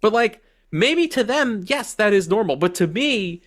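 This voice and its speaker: A high-pitched man with a lively, swooping voice, chatting casually as a movie podcast co-host. He talks loose and profane, cracking jokes and throwing himself into bits, with his pitch jumping up and down as he riffs. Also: measured pace. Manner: animated, profane, jokey, acts out movie quotes. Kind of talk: casual movie review chat.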